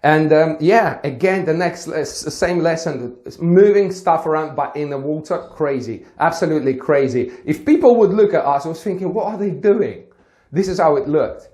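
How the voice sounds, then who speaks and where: A man's voice: fairly high pitch, moderate pace, few pauses, darkish tone. A man who teaches swimming, giving casual advice and telling a story, acting out the conversations as he goes. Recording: roomy echo.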